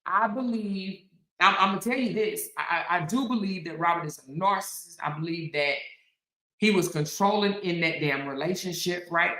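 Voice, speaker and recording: A woman hosts an opinionated commentary monologue, speaking emphatically and repeating her points. She keeps checking in with the listener. Her voice is bright and sounds roomy, with a noticeable echo. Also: fairly low pitch, normal speed. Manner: emphatic, repeats phrases, frequent "right?". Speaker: commentary host.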